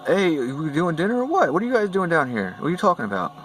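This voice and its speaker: A man's voice: on the high side, huge pitch swings, quick pace, fairly bright tone, pitched above the performer's own voice, poor audio. A man voicing a stern middle-aged husband who lectures a guest with firm certainty, over background music. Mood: insistent. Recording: music playing behind.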